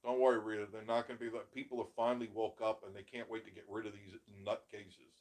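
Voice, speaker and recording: A man's voice: on the low side, flat delivery, quick pace, a little mellow. A man hosting a casual live show, giving emphatic, opinionated takes on viewer comments and laughing often.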